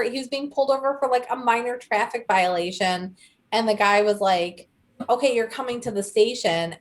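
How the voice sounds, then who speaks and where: A young woman co-hosting a casual chat, telling a story with animated quoted voices. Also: on the high side. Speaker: podcast co-host.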